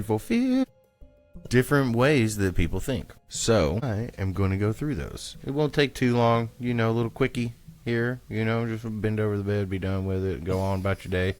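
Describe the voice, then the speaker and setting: A young man co-hosting a casual podcast chat, joking crudely and swearing freely. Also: lowish voice. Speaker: podcast co-host.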